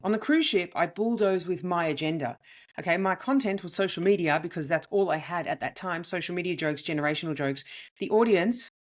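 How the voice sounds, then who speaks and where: A woman, a comedian and podcast host, telling a story in an animated, emphatic monologue with big swings in her voice. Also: lowish voice, a little fast.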